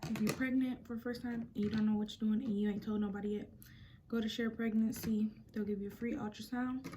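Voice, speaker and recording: A woman's voice: a little high, fairly even intonation, quick pace, background noise. A young woman vlogger chatting casually, retelling a personal story and acting out quotes.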